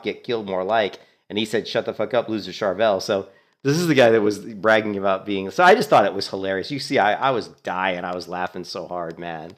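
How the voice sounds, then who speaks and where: A man's voice: on the low side, a bit bright. A man giving casual commentary on his gameplay, amused and retelling chat messages. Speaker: game streamer.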